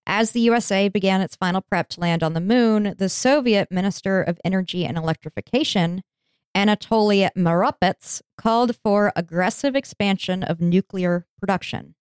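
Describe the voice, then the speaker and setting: A woman hosting a podcast, narrating history in a casual, chatty way with joking asides. Her voice is smooth and clear, and the recording is dry and close. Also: medium pitch, moderate pace, dry recording. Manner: laughs easily, jokey asides. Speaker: podcast host.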